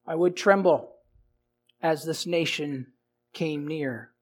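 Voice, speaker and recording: High-voiced slow-preaching male pastor. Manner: asks the congregation rhetorical questions; swings between loud emphasis and quiet low lines. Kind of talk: sermon.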